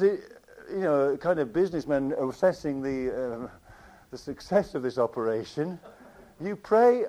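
A man preaching a sermon with passion, repeating phrases and swinging between loud declarations and quiet asides. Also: a little high.

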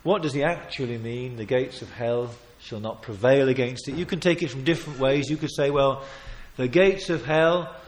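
A man preaching a sermon, emphatic, with sudden loud swells, quiet asides and chuckles as he tells stories. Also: mid-range voice, a little fast, hardly any pauses. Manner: chuckles while telling stories.

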